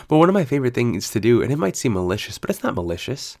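A man telling stories in a casual solo chat, animated and profane, laughing often. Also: mid-range voice, racing, few pauses. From United States.

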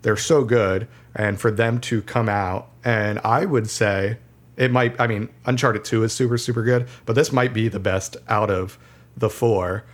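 A man with a somewhat low voice hosts a relaxed gaming podcast with two friends. He keeps the talk upbeat and reads the segment introductions in an announcer-like way. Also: a little slow. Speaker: podcast host. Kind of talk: casual gaming podcast chat.

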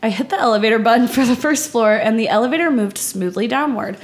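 A woman's voice: fairly high pitch, fast talker. A woman co-hosting a podcast, reading a creepy first-person story aloud and breaking off to chat, laughing and swearing casually.

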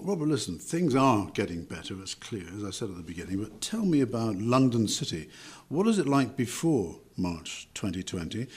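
An older man hosting an interview, speaking in a measured, courteous way from a hotel. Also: medium pitch, darkish tone, slightly rough. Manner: measured and courteous, with scripted intro. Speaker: podcast interviewer. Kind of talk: hosted interview. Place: hotel room.

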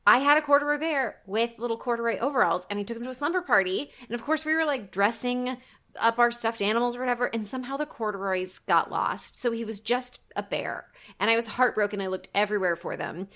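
A woman's voice: a little high, a little fast, pushed and bright. A woman co-hosting a podcast, chatting casually and telling a story with frequent laughs. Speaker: podcast co-host. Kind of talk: casual chat.

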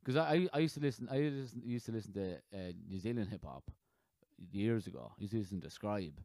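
A man's voice: fairly low pitch, lively intonation, fairly quick, dark tone, dry recording. Rambling man hosting a podcast. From Ireland. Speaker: podcast host. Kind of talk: casual interview chat.

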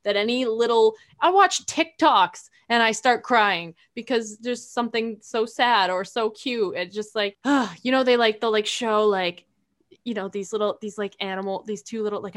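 A woman in casual chat, animated and rambling, with lots of fillers and frequent laughter. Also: medium pitch, normal speed.

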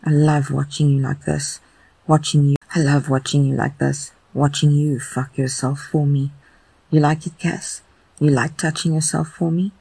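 Reader doing a coaxing affectionate guy, husky and slow, flat dark tone. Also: mid-range voice, dry recording, rough recording. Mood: tender, coaxing. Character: coaxing, affectionate adult man.

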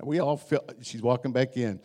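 A man's voice: medium pitch, moderate pace, darkish tone. A middle-aged man preaching a sermon as pastor in a church, joking and telling stories while acting out the voices he quotes.

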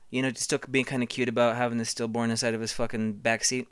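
Person rambling through a crude made-up story, smooth clear voice, dry close sound. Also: mid-range voice, quick pace, hardly any pauses, no room sound. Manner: rambling, profane and deadpan. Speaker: comedian. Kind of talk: improvised comedic storytelling.

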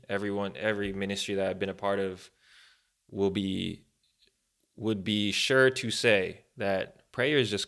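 Man, low gravelly voice, bright tone, casual podcast co-host, rambling. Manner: rambling, animated, many fillers. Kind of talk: casual faith chat.

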